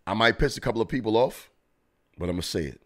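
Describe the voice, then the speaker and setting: A man's voice: fairly low pitch, animated, fast talker. A man hosting a podcast, giving blunt, profane comedic commentary as he reacts to videos. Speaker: podcast host.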